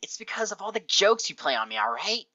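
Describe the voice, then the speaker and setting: A man voicing a cranky, tomboyish female pegasus pony in a fan fiction reading, gruff and defensive. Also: a little high, sing-song, moderate pace, bright, forceful tone, no echo, muffled recording, voice pushed up, heavily acted. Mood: grumpy.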